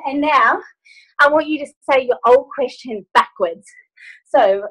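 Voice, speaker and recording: A woman's voice: high-pitched, animated, moderate pace, a bit bright, rough recording. A woman life coach leading a group video call from her phone, giving upbeat, playful instructions.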